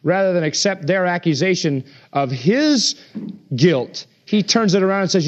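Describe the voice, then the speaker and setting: Male preacher, high voice, forceful and emphatic delivery, muffled lo-fi recording. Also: lively intonation, unhurried. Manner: emphatic, acts out quoted voices with rising pitch. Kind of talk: sermon. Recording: dull lo-fi sermon recording.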